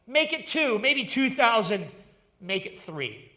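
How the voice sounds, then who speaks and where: A preacher puts on a loud, pushy auctioneer, his voice pitched high and drawn out slowly as he calls for bids. The calls rise eagerly from one number to the next. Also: heavily acted. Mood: calling bids. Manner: calling out bids with rising excitement.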